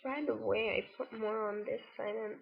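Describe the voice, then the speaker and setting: A woman's voice: on the high side, steady tone, moderate pace, vocal fry. An eighteen-year-old woman telling a rambling, chatty story on her vlog, full of fillers, in lo-fi audio. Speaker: vlogger. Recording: lo-fi webcam audio.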